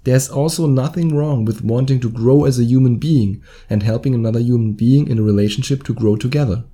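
A man with a German accent talks through his podcast alone, in his thirties. His voice is very dark and mellow, at a middle pitch. He keeps it chatty and chuckles at his own mistakes. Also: brisk. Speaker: podcast host. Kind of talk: solo podcast monologue.

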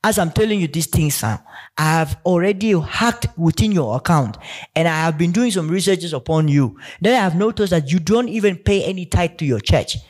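A man's voice: a little high, moderate pace, close to an everyday voice. A man voicing a preachy male phone assistant who lectures in an emphatic, sermon-like way.

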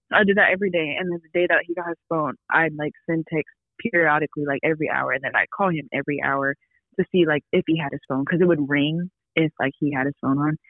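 A woman's voice: deep voice, dry recording, phone-quality sound. A young adult woman, a podcast guest, telling a long personal story in casual chat, full of "like"s and quoted asides. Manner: rambling storyteller, many "like"s.

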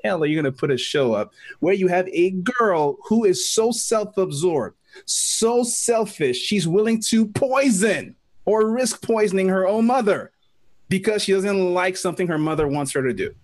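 A man's voice: high voice, lively intonation, moderate pace. A man in his thirties, a podcast co-host and father, ranting through a heated casual debate and laughing as he goes.

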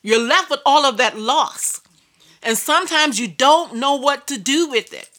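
A woman's voice: high voice, lively intonation, a little slow, bright, forceful tone. A woman preacher telling a personal story in a sermon, emphatic and repetitive. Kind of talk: sermon testimony.

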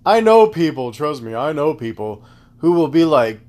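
A man hosting a casual solo podcast, rambling through tangents in a loose, profane, animated way. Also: on the high side, normal speed. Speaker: podcast host.

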